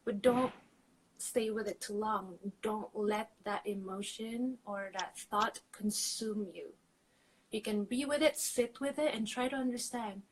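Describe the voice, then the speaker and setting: A woman's voice: mid-range voice, unhurried, slight background noise, poor audio. A woman trauma coach talking casually as a podcast guest, chatty with frequent fillers and laughs.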